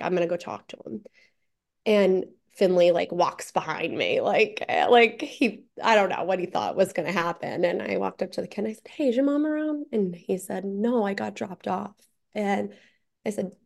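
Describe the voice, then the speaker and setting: A woman's voice: medium pitch, creaky, darkish tone. A woman guest telling a story in casual conversation, full of chatty "like" fillers.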